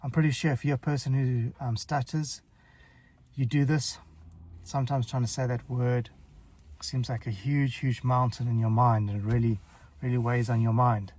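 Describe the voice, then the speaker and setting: A man giving casual, relaxed advice about stuttering, chuckling often and stuttering on some words. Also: mid-range voice, normal speed. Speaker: stuttering coach. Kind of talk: casual advice talk to camera.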